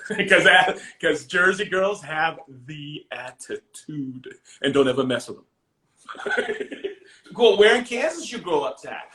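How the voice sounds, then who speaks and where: There's background noise as a middle-aged man with a Maine accent talks slowly in a highish voice with lively intonation. A guest and finisher in a casual chat, he rambles, uses many fillers, and laughs often.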